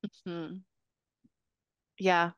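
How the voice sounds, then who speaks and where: A woman with a smooth, clear voice co-hosts a podcast in relaxed chat. She is agreeable and often murmurs along. Her sound is dry and close-miked. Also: on the low side, very slow, no echo, dull audio. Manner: agreeable, frequent backchannel murmurs. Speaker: podcast co-host. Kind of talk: casual chat.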